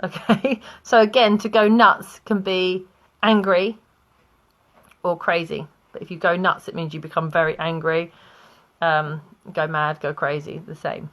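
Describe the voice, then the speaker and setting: A young woman with a British accent teaching English vocabulary online, explaining slowly with examples and small laughs. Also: on the low side, fairly even intonation, a bit bright.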